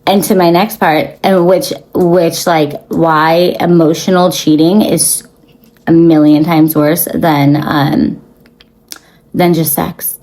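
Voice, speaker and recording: A woman's voice: low voice, flat delivery, slow, darkish tone, rough recording. A young woman giving blunt, profane spiritual advice to her viewers, talking casually with lots of fillers. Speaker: spiritual reader.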